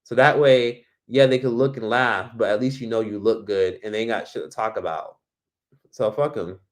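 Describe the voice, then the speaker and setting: A man's voice: fairly low pitch, steady tone, normal speed. A man from Miami hosting a casual livestream, reading comments and giving blunt, profane advice. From Miami, United States. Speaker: livestream host.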